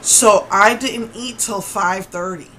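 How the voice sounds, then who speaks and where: A woman's voice: mid-range voice, takes it slowly, sharp tone, slight background noise, rough recording. A woman vlogger telling a story to camera in an indignant, rambling way with many restarts.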